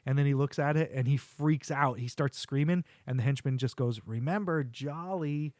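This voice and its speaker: A middle-aged man hosting a podcast, chatting casually with his son and retelling cartoon scenes with quick quoted voices. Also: medium pitch, fairly even intonation, a little mellow, dry recording, studio quality. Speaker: podcast host.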